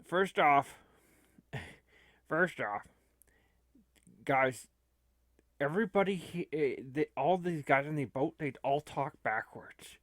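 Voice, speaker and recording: A man's voice: a little high, animated, slow, pauses often, a bit bright, no room sound, clean studio sound. A man playing a frantic old man who rambles and stammers urgently in an amateur comedy movie. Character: frantic old man fleeing strange dimension.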